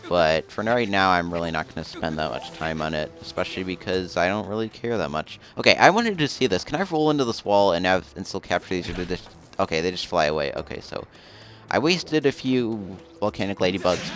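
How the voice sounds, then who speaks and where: A man's voice: deep voice, animated, fairly quick, a bit bright, faint music behind. A man casually commenting as he plays a video game, rambling and chatty. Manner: rambling, chatty, often laughing. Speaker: let's play host.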